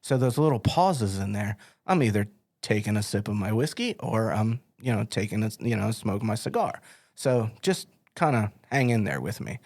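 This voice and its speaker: A man's voice: fairly low pitch, lively intonation, normal speed, a little mellow. A middle-aged man hosting an interview, chatting casually and telling stories with lots of fillers and restarts. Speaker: podcast host.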